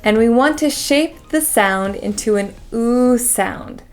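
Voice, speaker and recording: A woman with an American accent teaching pronunciation as a coach, drilling each word slowly and carefully with many repeats. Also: on the high side, expressive, a little mellow, faint music behind. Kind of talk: pronunciation lesson.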